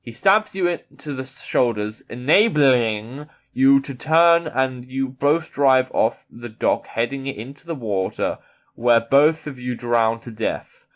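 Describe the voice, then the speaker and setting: Guy reading quiz questions out loud then ranting about them, cocky and sweary. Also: medium pitch, expressive, slow pace. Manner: swears casually, mock-boastful. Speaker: YouTuber playing a character persona. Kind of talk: reading an online quiz aloud with reactions.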